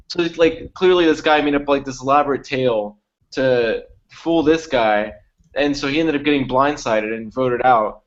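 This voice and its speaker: A young man co-hosts a casual podcast, telling a long story and acting out what others said. His voice sits a little high, and the audio is dull and lo-fi. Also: fairly quick. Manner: animated storytelling, acts out quotes, swears freely. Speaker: podcast co-host. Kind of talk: casual chat.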